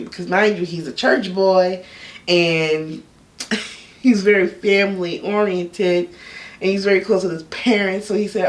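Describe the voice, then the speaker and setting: A woman's voice: mid-range voice, unhurried. Slangy young woman, echoey room. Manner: candid, slangy, animated retelling. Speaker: YouTube storyteller. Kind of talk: casual storytime vlog. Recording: echoey room, a bit off-mic.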